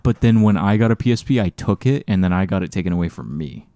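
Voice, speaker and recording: A man's voice: low voice, animated, fast talker, warm tone, dry recording, clean studio sound. A young man co-hosting a casual podcast with friends, talking with many fillers and restarts. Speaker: podcast co-host. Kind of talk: casual chat among friends. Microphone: webcam or desk mic on a call.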